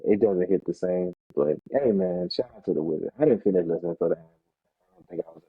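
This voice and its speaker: Husky-voiced man in casual podcast chat. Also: fast talker, no room sound, phone-quality sound. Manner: animated, mimics rappers in a high voice. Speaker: podcast co-host.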